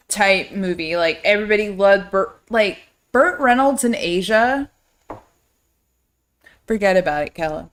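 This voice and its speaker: A woman hosting a casual livestream movie chat, telling stories in a loose, profane, animated way. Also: fairly low pitch. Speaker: livestream movie podcast host.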